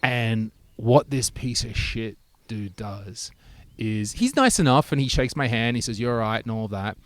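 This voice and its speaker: Animated man telling a story. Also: medium pitch, unhurried. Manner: animated storyteller, swears freely, acts out quotes. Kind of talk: casual chat.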